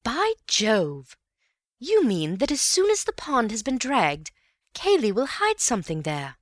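An eager young man, voiced by a woman reader in a storybook reading, bursting with exclamations and quick questions. His voice sits well above her low everyday tone and rings out louder, in a dry, close sound. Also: sing-song, dry recording. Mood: excited.

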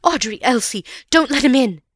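A woman's voice: mid-range voice, big pitch swings, moderate pace, pushed and bright, no room sound, clean studio sound, voice pushed up. A woman voicing a nervous older woman who is fretful and quavering with panic. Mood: panicked. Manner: anxious, fretful.

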